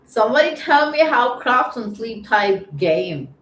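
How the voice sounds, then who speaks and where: A woman hosts a livestream in a sing-song, fairly bright, somewhat high voice, speaking a little slowly. She greets viewers by name with chatty teasing, and the room is echoey with faint ambient noise.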